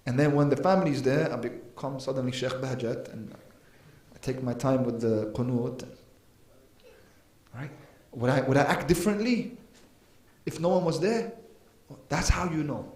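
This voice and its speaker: A man's voice: medium pitch, moderate pace, long pauses, a little mellow. A man giving an earnest mosque lecture, emphatic, with sudden rises and drops in volume. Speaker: preacher. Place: mosque hall. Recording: echoey mosque hall.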